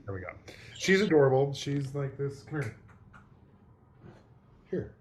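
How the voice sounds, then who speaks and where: A man's voice: medium pitch, sing-song, measured pace, pauses often, darkish tone, a little hiss or hum. A man speaking as a guest in a casual video-call interview, upbeat, direct and chatty.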